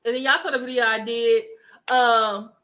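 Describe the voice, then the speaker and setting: Woman vlogger spilling tea, high bright voice, talks right at the viewers. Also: normal speed. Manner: chatty, addresses viewers directly, animated retelling. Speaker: commentary vlogger. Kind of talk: casual gossip commentary.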